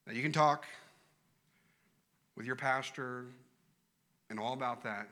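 A man preaching a sermon, emphatic, repeating key phrases and dropping from loud declarations to hushed, quiet lines. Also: mid-range voice, a little slow, pauses often.

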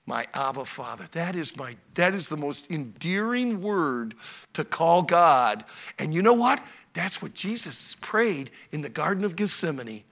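A middle-aged man preaching a sermon in a church, swinging from loud exhorting to quiet storytelling. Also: on the high side, very animated, a little slow, gravelly.

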